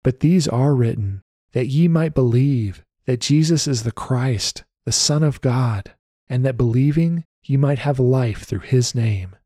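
Male lay preacher, mellow dark tone, dry close sound, steady scripture recitation. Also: medium pitch, measured pace, dry recording. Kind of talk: scripted devotional reading.

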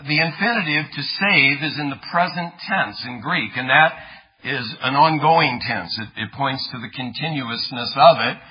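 A man's voice: mid-range voice, breathy edge, muffled recording. A man pastor preaching a sermon, building to emphatic peaks and often repeating words.

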